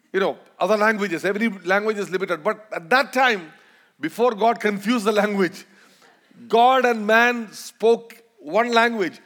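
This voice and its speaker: A man from India, native speaker of Malayalam, preaching with an Indian accent and a joking, lively manner, leading the congregation in call and response. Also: high voice. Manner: joking, lively, leads the crowd in repeating. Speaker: guest preacher. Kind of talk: sermon.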